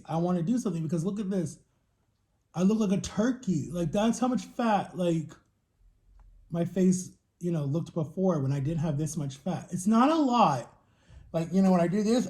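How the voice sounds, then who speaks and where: A man in his thirties talks straight to his viewers in a loose, rambling vlog, jumping from one story to the next. His voice sits a little high for a man and has a warm, mellow tone. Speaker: vlogger. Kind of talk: casual chat to camera while eating.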